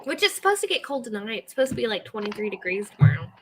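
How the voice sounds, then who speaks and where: A woman's voice: medium pitch, sing-song, rapid-fire, a crowd in the background. A woman from Oklahoma chatting casually as a guest on a video call, upbeat and chatty. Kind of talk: casual group chat.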